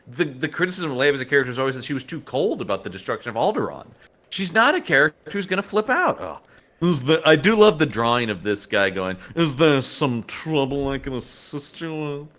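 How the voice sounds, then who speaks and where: A man co-hosting a relaxed podcast, his pitch swinging widely as he talks. He has a bright, forward tone and keeps dropping into playful impressions of the characters he is discussing. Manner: animated, acts out characters' lines with laughs. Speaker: podcast co-host. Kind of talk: casual podcast chat about comics.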